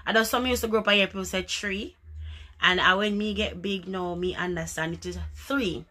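A woman's voice: mid-range voice, steady tone, normal speed, bright, forceful tone. A woman from Jamaica with a Jamaican accent, chatting casually to her camera as a vlogger and slipping into patois phrases.

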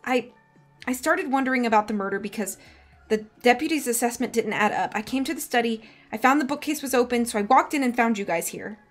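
A woman's voice: a little high, brisk, soft background music, close to an everyday voice. A woman reading aloud voices a nervous, earnest young female desk clerk.

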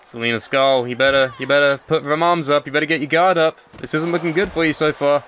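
A man giving excitable, crude play-by-play commentary on a wrestling match. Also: on the high side, fast talker, slight background noise. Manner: excitable, crude, theatrical calls.

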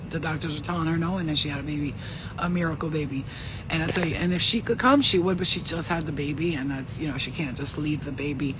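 A woman's voice: fairly low pitch, noisy background. A woman, a spiritual healer and retreat host, chatting casually and effusively on a livestream from home at night, rambling and swearing. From Albanian family.

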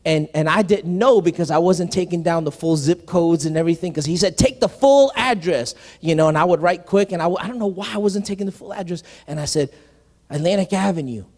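A male senior pastor telling a personal story in a conversational sermon, animated, often saying "listen" and restarting phrases. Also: on the high side, fast talker. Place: church sanctuary. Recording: live sermon in a reverberant hall.

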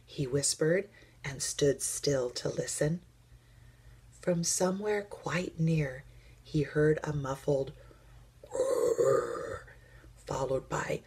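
A woman, a teacher, reading a children's picture book aloud, gentle and slipping into soft whispers. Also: low voice, slightly rough.

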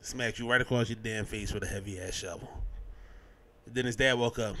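A man hosting a casual podcast, talking in a lively, slangy way and acting out scenes as he recaps a show. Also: lowish voice, normal speed. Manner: animated, slangy, acts out scenes with quoted voices. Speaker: podcast host.

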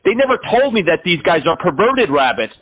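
A man's voice: high-pitched, very animated, brisk, slightly rough. A man making an absurd prank phone call, rambling through exaggerated complaints. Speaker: scambaiter prank caller. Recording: tinny phone line.

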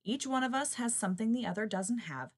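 A woman voicing a humble, gentle dove in a storybook reading, soft and modest. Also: a little high, animated, brisk, husky, pitched above the performer's own voice.

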